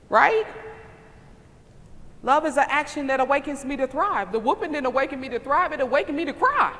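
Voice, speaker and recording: Woman, motivational speaker, bright forceful voice, preacher-like repetition, echoey hall. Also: sits high, animated, moderate pace, pauses often. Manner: emphatic, repetitive preacher-like cadence; calls out to the audience. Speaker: conference speaker. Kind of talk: motivational speech. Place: conference hall.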